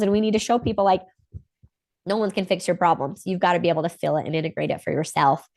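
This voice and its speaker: A woman hosting a podcast, chatting casually and upbeat about spiritual topics with quick asides. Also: mid-range voice. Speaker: podcast host.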